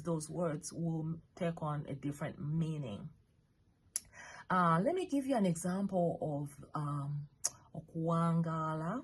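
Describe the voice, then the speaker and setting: Slow, husky woman teaching a lesson. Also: fairly low pitch, darkish tone. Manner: patient, spells words letter by letter, checks in with "okay?". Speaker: language teacher. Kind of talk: slow spoken language lesson.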